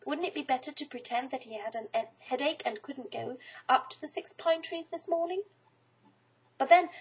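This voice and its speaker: A woman reading a children's storybook aloud in an expressive, animated way. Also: sits high. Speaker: storybook reader. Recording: dull lo-fi recording.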